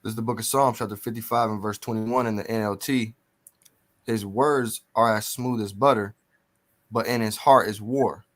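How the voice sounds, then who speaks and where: A man on a call reading Bible verses aloud in a steady, measured way. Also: on the low side. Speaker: participant reading scripture. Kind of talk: scripture reading.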